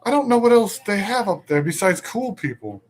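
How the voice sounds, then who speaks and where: A man's voice: sits high, sing-song, moderate pace, soft background music. A man co-hosting a live show, joking and rambling in casual banter while talking to viewers. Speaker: co-host.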